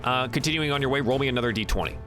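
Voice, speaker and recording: A man narrating as game master in a relaxed, chatty way with frequent fillers. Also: mid-range voice, very fast, music in the background.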